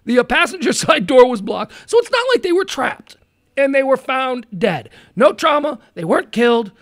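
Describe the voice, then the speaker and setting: A radio talk show host ranting in an incredulous, animated way from a studio. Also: sits high, normal speed, no echo.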